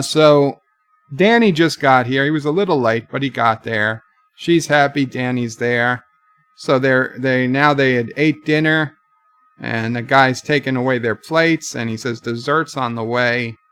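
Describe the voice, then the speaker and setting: Slow, gravelly man recapping a show. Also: mid-range voice, a bit bright, no echo. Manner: slow, retelling dialogue with occasional comments. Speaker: video reviewer. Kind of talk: live watch-along recap.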